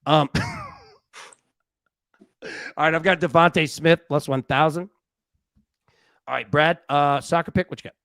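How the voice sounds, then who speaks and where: Guy hosting a betting show, fairly high voice, dry close sound, jokes and rambles a lot. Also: measured pace, long pauses, no echo. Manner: energetic, joking, rambling. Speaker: sports betting show host. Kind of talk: casual sports betting chat.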